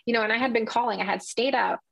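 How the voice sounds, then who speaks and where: A woman's voice: on the high side, fast talker, gravelly, no echo, rough recording. A middle-aged woman, a nurse, giving an earnest, impassioned account of her experience, often quoting what was said. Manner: earnest, impassioned, retelling with quoted dialogue. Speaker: nurse, interview guest. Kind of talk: emotional personal account.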